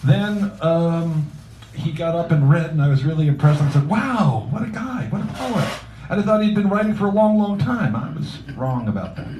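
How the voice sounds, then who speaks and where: A man's voice: on the high side, warm tone. A man hosting an open mic night at a cafe, introducing the next act in a joking, teasing way. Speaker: host. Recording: echoey room, mic far off, background noise.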